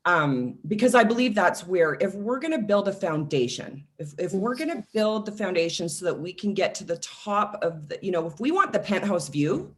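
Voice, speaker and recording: A woman in her forties, a self-love coach, talking casually and telling personal stories with lively acted-out quotes. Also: medium pitch, normal speed, few pauses. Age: 40s. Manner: animated storytelling, acts out quoted voices. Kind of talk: casual podcast conversation.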